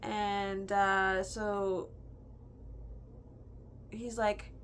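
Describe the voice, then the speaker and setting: A woman's voice: medium pitch, little pitch movement, very slow, fairly bright tone, a little hiss or hum. A young woman in a casual book review chat, gushing and chatty, filling her talk with "like". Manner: gushing, chatty, heavy use of "like".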